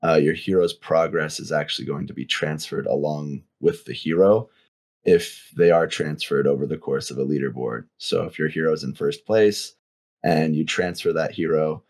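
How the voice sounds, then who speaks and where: A man with a very deep, gravelly voice walks through game rules on a community call. He talks casually and keeps stopping on small fillers as he explains. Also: moderate pace, darkish tone. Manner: hesitant, many fillers.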